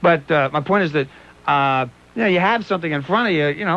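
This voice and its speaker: A man hosting a radio show, telling stories in a casual, animated way and slipping into voices, heard on a dull lo-fi broadcast recording. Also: a little high, quick pace. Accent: Pittsburgh. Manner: animated, laughing, doing voices in quoted bits. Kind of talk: casual on-air storytelling. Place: radio studio.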